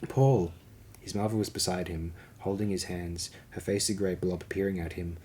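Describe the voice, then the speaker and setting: Deep-voiced guy reading an audiobook, steady and measured, faint hiss. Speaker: audiobook narrator. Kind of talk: audiobook narration.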